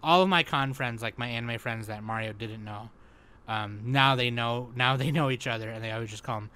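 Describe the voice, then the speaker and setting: A man's voice: mid-range voice, big pitch swings, normal speed, pushed and bright. A man co-hosting a podcast, rambling through casual chat and swearing freely. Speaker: podcast co-host.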